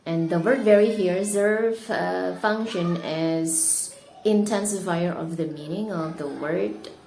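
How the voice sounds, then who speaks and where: Slow, careful Indonesian woman teacher. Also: lowish voice, vocal fry, dark tone. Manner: slow, careful, stresses key words. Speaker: English teacher. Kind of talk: explanatory lesson. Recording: echoey room with faint noise.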